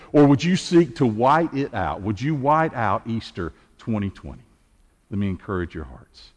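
A man preaching an Easter sermon as pastor, earnest and measured, with emphatic pauses. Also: mid-range voice, long reverb tail.

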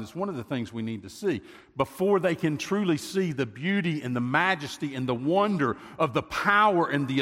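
A man preaching a sermon in a conversational way, swinging from quiet asides to sudden loud swells. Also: fairly low pitch, husky. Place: church sanctuary. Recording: long reverb of a large hall.

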